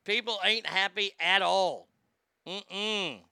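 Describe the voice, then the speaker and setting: A man hosting a comedy show, venting in a loose, sarcastic, profane ramble that keeps stammering and restarting. His voice is high and gravelly, with a smooth, very bright tone. The sound is close and dry. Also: unhurried, dry recording. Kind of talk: profane comic rant.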